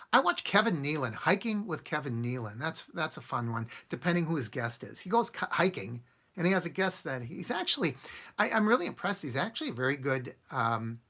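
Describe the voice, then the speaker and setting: A man's voice: medium pitch, bright, forceful tone. A man hosting a casual live stream, rambling and chuckling as he answers comments from his viewers. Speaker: channel host answering live chat.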